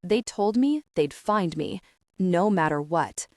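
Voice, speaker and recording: A desperate, frightened young woman, played by the narrator, pleading in a rushed, anxious rush of words. The voice is rather low for a woman and recorded dry and close. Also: expressive, a little mellow, no echo. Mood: tearful.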